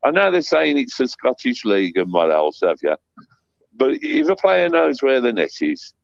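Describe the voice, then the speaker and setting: A man calling into a football phone-in, excitable and swearing. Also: mid-range voice, moderate pace, vocal fry, dry recording, muffled recording. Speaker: caller. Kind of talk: phone-in chat.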